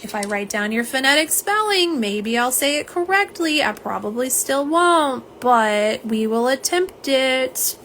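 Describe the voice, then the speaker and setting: A woman's voice: high-pitched, lively intonation, a little slow, hardly any pauses, fairly bright tone, slight background noise. A woman hosting a live nail polish stream, talking casually and chattily to her viewers and answering their comments. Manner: chatty, talks straight to viewers as "y'all" and reads out chat comments.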